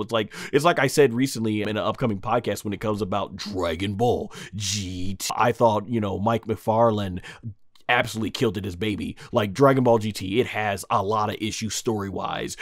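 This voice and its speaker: A man's voice: on the low side, dry recording, studio quality. A man hosting an anime review, talking casually and enthusiastically with lots of fillers. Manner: enthusiastic, rambling with many fillers. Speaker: anime review channel host.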